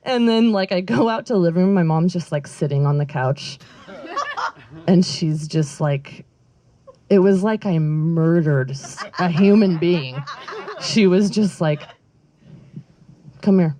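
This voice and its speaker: Her voice is lowish and dark, and she speaks a little slowly. This young adult stand-up comedian performs at a backyard show outdoors, wandering through a story, cutting herself off, and giggling a lot.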